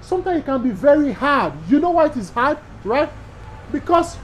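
Emphatic Nigerian pastor preaching. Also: male voice, very high voice, lively intonation, moderate pace, a little hiss or hum, rough recording. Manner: emphatic, repetitive, rhetorical questions. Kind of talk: teaching sermon to pastors.

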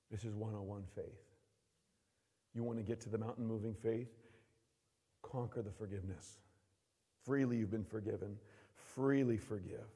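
A man preaching a sermon in a church hall. He acts out quotes and swings from shouting to hushed asides. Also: on the low side, fairly even intonation, moderate pace, pauses often, breathy edge. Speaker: pastor. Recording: long hall reverb.

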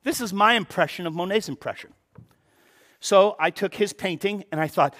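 A man preaching a sermon as pastor, animated, with rhetorical questions and repeated words as he starts his sentences. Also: high-pitched, normal speed.

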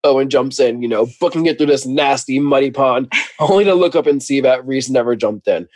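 Man, podcast co-host, lively storyteller; mid-pitched, close and dry-sounding. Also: fairly quick, no room sound. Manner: animated storyteller, laughs often. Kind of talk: casual book recap chat.

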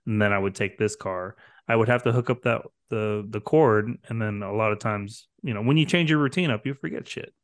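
A man's voice: lowish voice, fairly quick, hardly any pauses. A man co-hosting a casual podcast chat, with crude, laid-back jokes. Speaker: podcast co-host.

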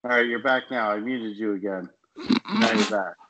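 A man's voice: lowish voice, steady tone, normal speed, lo-fi sound, background noise. A man co-hosting a podcast, wry and teasing in casual chat. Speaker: podcast co-host.

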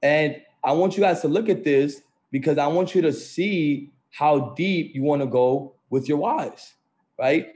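Male motivational host, slightly higher voice, upbeat and repetitive, talking over a video call. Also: a little slow, darkish tone. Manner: upbeat, repetitive, keeps saying "right?" and "family". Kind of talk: motivational group call talk.

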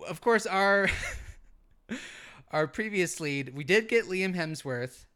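Comedic co-host, male, bright and crisp voice, halting improv delivery. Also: high voice, animated. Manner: rambling, halting, full of fillers. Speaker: podcast co-host in character as a park ranger.

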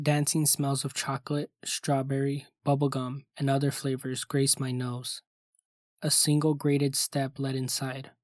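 A man hosting a show, reading a horror story aloud in even, measured scripted narration. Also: mid-range voice, dry recording, studio quality. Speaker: host and narrator.

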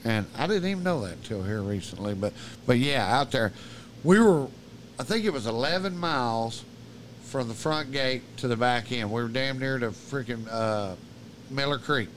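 A man's voice: mid-range voice, expressive, normal speed, fairly bright tone, a little hiss or hum. A man telling a long, profane, rambling story as a podcast guest, often cutting himself off mid-sentence. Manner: profane, colorful, self-interrupting. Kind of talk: rambling storytelling in casual chat.

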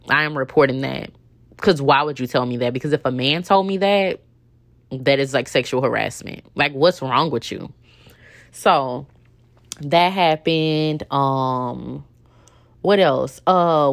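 A woman's voice: sits low, unhurried, gravelly. A young woman hosting a podcast, telling a personal work story in a candid, indignant, chatty way with lots of fillers. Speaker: podcast host. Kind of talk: casual storytelling monologue.

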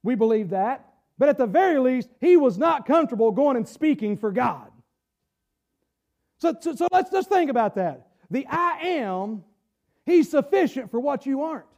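A middle-aged male pastor with a strikingly high voice delivers an emphatic sermon. He repeats his phrases and at times climbs to a shout. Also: very animated, moderate pace, highs cut off.

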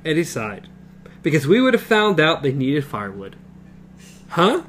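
A man's voice: fairly high pitch, big pitch swings, moderate pace, fairly bright tone, a little hiss or hum. A man reading a novel aloud with a partner, stopping to comment and correct himself. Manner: reads with comments and self-corrections. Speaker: reader.

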